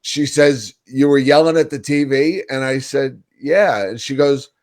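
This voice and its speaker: A hoarse man with a New York accent co-hosting a casual fan podcast, telling stories in an animated way. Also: mid-range voice, measured pace, few pauses. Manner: animated storyteller, hoarse from yelling. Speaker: podcast co-host. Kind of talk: casual hockey fan chat.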